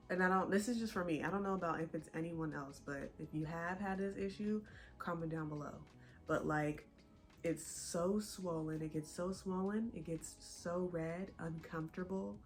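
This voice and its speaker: Breathless chatty young woman vlogging. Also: on the low side. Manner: chatty, animated, confiding. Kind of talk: casual chat to camera.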